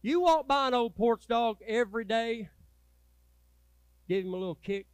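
High-voiced folksy preacher. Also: male voice, lively intonation, moderate pace, clean tone, dry recording. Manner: folksy preaching, swings from loud urging to low quiet asides. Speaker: pastor. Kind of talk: sermon. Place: church sanctuary.

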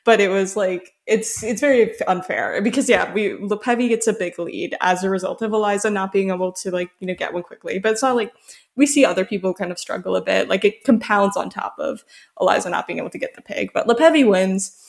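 A woman's voice: medium pitch, fairly quick, gravelly. A young adult woman co-hosting a casual podcast chat, talking loosely with lots of fillers and frequent laughter. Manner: chatty, filler-heavy, laughs often. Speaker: podcast co-host. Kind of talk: casual chat about a reality show.

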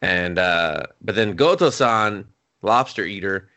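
A man's voice: low voice, animated, slow, very noisy. A man co-hosting a podcast, casually recapping an anime with loose, profane retellings and acted-out character lines. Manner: laid-back, swears freely, acts out characters' lines mid-recap. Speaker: podcast co-host.

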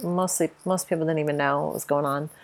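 A middle-aged woman hosts her own podcast in a reflective personal monologue. She speaks candidly and with feeling, often reaching for fillers. Her voice sits slightly low. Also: steady tone, quick pace. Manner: candid, emotional, with many fillers. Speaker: podcast host.

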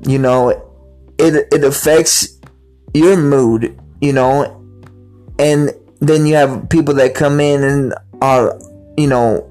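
A man's voice: mid-range voice, steady tone, takes it slowly, darkish tone. A man talking casually about his own life, rambling and repeating words, with faint music in the background. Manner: rambling, repeats words, acts out quoted greetings. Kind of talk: casual personal talk.

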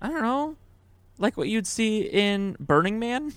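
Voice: medium pitch, big pitch swings, a little slow, clean tone, dry recording. A podcast co-host in casual, rambling chat, full of "like" fillers. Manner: chatty, rambling, many "like" fillers.

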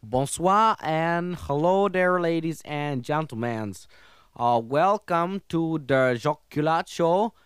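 A fussy French talk-show host, played by a man in an old comedy record sketch. He speaks very slowly in a smooth, slightly high voice with a French accent, and he hesitates with "uh" and tangles his English. The sound is dry and close. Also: expressive, dry recording. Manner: hesitant, lots of "uh", mangled English phrasing.

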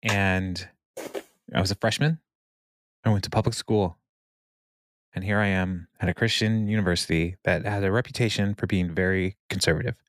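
A man's voice: deep voice, fairly even intonation, normal speed, long pauses, dry recording, studio quality. A young adult man casually recapping a TV episode, laughing often and retelling scenes with quoted lines. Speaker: podcast co-host.

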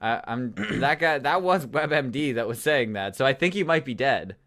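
A man's voice: mid-range voice, lively intonation, a bit bright. A man co-hosting a casual podcast, swearing a lot and restarting his sentences. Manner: crude, swearing, halting restarts. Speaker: podcast co-host.

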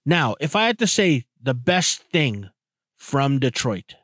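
A man's voice: mid-range voice, very animated, slow, fairly bright tone, dry recording. A man hosting a podcast alone, talking casually and rambling, often stumbling and repeating words as he goes. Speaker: podcast host. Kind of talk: casual solo monologue.

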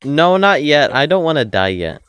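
A young man teases his friends through a tabletop game and laughs often. His voice jumps about lively. The sound is close and dry. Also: fairly high pitch, moderate pace, clear, resonant tone, no room sound. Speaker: player. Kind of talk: casual game banter.

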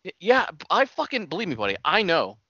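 A man's voice: sits high, huge pitch swings, fast, pushed and bright, slightly rough, dry recording. A man bantering casually with a co-host, teasing and swearing, calling him buddy. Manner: teasing, profane banter, calls partner "buddy". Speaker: podcast co-host. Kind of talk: casual chat. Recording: dull lo-fi recording.

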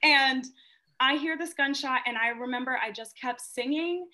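A woman stage actress, a podcast guest, telling stories in casual chat, animated and laughing often, with lots of "like". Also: high-pitched, normal speed.

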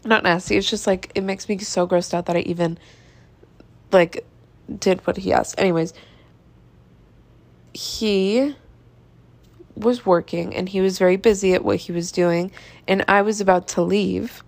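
A young woman hosting a podcast, telling a story in a casual, chatty monologue with swearing, sighs and laughs, exasperated and animated. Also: mid-range voice, measured pace, gravelly, pauses often, dry recording. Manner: animated, exasperated, drops to mutters. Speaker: podcast host.

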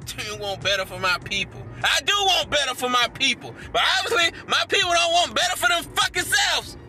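An angry man ranting profanely while driving his car, shouting at times. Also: very high voice, sing-song, fairly quick, faint music behind. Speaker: vlogger.

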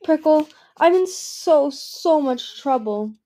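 A woman's voice: a little high, moderate pace, dark tone, natural voice. A woman voicing a desperate young female dragon on the run, pleading and tearful.

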